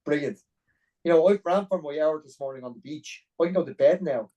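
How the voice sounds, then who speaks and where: A middle-aged man speaking quickly and bluntly, his voice mellow and warm. He tells his own story as a podcast guest and keeps saying "like" and "you know". The mic sits a little way off from him. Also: fairly high pitch, distant mic, poor audio. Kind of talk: personal storytelling interview.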